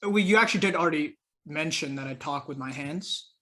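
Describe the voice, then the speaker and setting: A man's voice: a little high, a little fast, bright, forceful tone. A young man co-hosting a podcast in casual chat, with a teasing, dry banter. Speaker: podcast co-host.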